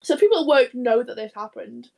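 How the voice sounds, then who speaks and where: A woman co-hosting a casual podcast, her voice pitched a bit higher than most. She rambles through anecdotes full of false starts and laughter, and she swears freely. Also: expressive, fairly quick, gravelly, a crowd in the background. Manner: rambling, laughing anecdote-telling with many restarts. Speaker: podcast co-host. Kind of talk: casual chat.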